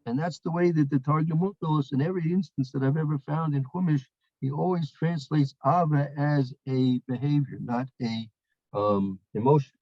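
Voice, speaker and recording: A man's voice: fairly high pitch, moderate pace, no echo, lo-fi sound. A man teaching the weekly Torah portion, telling a story with many fillers, restarts and repeated phrases.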